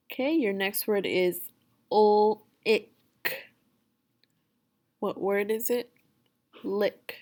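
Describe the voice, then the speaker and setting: A woman teacher leads a children's phonics lesson at a very slow, deliberate pace. She sounds out each word carefully, in a mid-pitched voice. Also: a little mellow. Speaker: second grade teacher.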